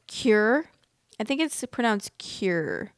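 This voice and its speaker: A young American woman hosting a casual storytime vlog, chatting and reacting to online stories with animated, exaggerated remarks. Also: mid-range voice, a little slow. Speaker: host reading online stories.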